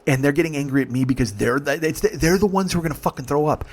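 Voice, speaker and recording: A man's voice: a little high, racing. A man in his forties telling a true story in a comedic podcast monologue, profane, intense and confessional. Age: 40s.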